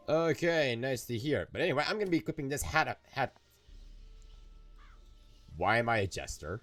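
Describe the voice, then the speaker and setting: A man's voice: mid-range voice, big pitch swings, normal speed, pauses often, a bit bright. A young gamer talking through a fantasy game, rambling, playful and often stopping to fix his words. His voice rises and falls a lot. Faint game music plays underneath. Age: young adult. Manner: rambling, self-correcting, playful. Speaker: gaming YouTuber. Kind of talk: let's play commentary.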